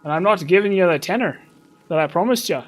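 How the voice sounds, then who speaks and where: A man voicing a gruff older male Irish thief boss, scolding in a put-on Irish accent. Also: sits high, expressive, fast, soft background music, pitched above the performer's own voice. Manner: scolding, repeating laddie.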